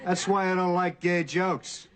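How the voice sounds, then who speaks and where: A calm, dry-witted police officer in a studio sitcom. He speaks in a deadpan way with a slightly raised pitch. Loud audience laughter fills the recording. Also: measured pace, very noisy. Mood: pointed. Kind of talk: 1980s sitcom acting.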